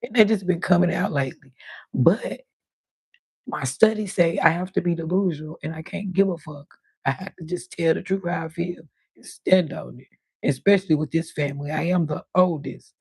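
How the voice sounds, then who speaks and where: A woman in her fifties chatting on a livestream as host, telling animated stories with plenty of cussing. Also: fairly low pitch, normal speed, husky, no echo. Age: 50s. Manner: chatty, animated storytelling with cussing and quoted voices. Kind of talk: casual livestream chat.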